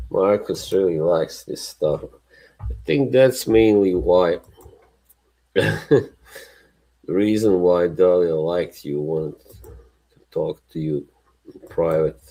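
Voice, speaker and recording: Slow, deep-voiced man chatting on a stream. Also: mellow, rough recording. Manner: rambling, laughs often between remarks. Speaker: livestream host. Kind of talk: casual chat.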